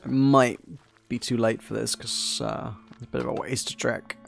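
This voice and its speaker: A man's voice: mid-range voice, level tone, normal speed, creaky, faint music behind. A man casually commenting while playing a story game, wry and a little rambling. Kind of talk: casual let's play chat.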